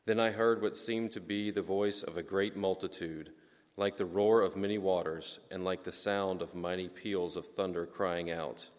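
A man reads scripture to a congregation in a slow, solemn, measured way. His voice sits very low. It carries with the long reverb of a church hall. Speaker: lector.

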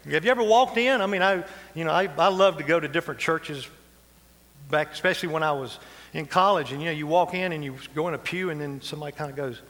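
A pastor delivers a sermon in a folksy, conversational way, slipping in asides. His voice sits a bit high for a man. The sound carries the long reverb of a church hall. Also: fast talker, a bit bright. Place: church sanctuary.

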